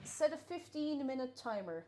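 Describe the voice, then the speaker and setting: A woman livestreams herself cooking at home, giggling through casual chat and calling out viewers by name. Her high, mellow voice is very animated at a moderate pace, and faint music plays behind.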